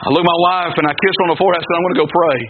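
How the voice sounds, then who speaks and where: A man's voice: fairly high pitch, steady tone, rapid-fire. A man preaching a personal testimony sermon, emphatic, telling a story and calling for amens from the congregation. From North Carolina. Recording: lo-fi phone-like radio broadcast with congregation noise.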